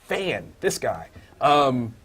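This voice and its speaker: A man with a middle-pitched voice chats casually as co-host of a comic book review podcast. He thinks aloud with many fillers and hesitations. When something excites or disgusts him, he breaks into loud, high-pitched outbursts. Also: extremely slow, husky. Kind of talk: casual chat.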